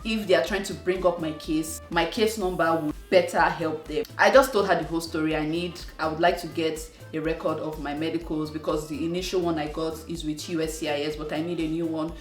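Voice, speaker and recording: A woman from Nigeria with a Nigerian accent, telling a personal story to her channel in an animated, exasperated way. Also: sits low, fairly quick, hardly any pauses, roomy sound, distant mic, soft background music. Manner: animated, exasperated retelling with acted-out quotes. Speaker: vlogger. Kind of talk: casual storytelling to camera.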